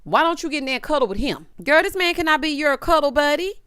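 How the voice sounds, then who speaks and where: A woman's voice: sits high, expressive, quick pace, fairly bright tone, no echo, clean studio sound. A woman giving a sassy, casual recap of a reality TV episode, mimicking the cast in changing voices.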